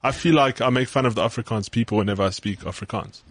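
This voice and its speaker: A South African man co-hosting a podcast, talking in quick, emphatic casual chat. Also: lowish voice, husky, no room sound. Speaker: podcast co-host.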